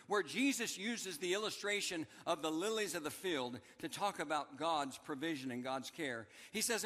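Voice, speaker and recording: A man's voice: a little high, a bit bright, big-room sound. A man preaching a sermon as pastor, emphatic and repeating his key phrases for the congregation. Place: church sanctuary.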